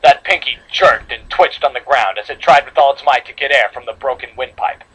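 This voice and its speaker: A man's voice: medium pitch, a little fast, bright, forceful tone, husky, rough recording. A man reading a horror fan story aloud to friends, dramatic, with slips and re-reads. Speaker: story reader.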